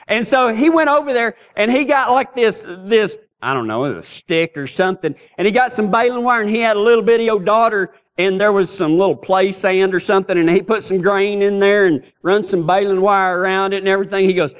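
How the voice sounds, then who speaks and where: A man's voice: high-pitched, fairly quick, hardly any pauses, clean tone. A man pastor telling a rambling, folksy story in a sermon, often repeating words as he starts a sentence.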